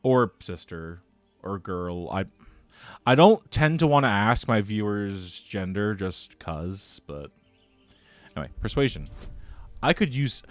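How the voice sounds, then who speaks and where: A man's voice: on the low side, very animated, slow pace, pauses often, faint music behind. A young man streaming a video game, joking around theatrically and talking to his chat. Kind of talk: casual gameplay commentary.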